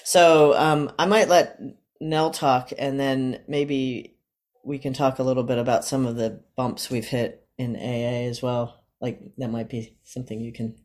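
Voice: medium pitch, flat delivery, unhurried. A person in their fifties sharing personal experiences in a casual, hesitant way, with many fillers and restarts. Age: 50s.

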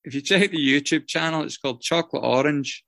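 A man's voice: on the high side, fairly quick, creaky, sharp tone, dry recording. A man sharing his story at a meeting, rambling and self-mocking, swearing freely with many ums and uhs, heard over a video call. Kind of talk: casual personal share.

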